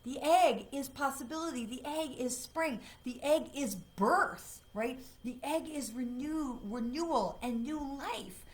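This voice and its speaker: A woman hosting a live card-reading stream, chatty and excitable, with lots of fillers, talking from home. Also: high voice, a little slow, hardly any pauses, rough recording. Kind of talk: casual livestream talk. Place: home, dog nearby.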